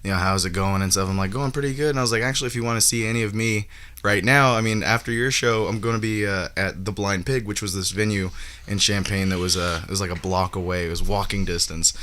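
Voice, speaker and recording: Bright-voiced man telling a story. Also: lowish voice, fast. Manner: animated, laughs often, acts out quotes. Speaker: guest comedian. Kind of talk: casual storytelling.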